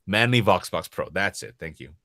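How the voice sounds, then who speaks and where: Korean accented guy doing a chill q&a, lowish voice but super bouncy, chuckles a lot, dry close sound. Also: normal speed, no room sound. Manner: lively, chuckling often, restarting and repeating words. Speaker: voice actor answering audience questions. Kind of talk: casual livestream Q&A.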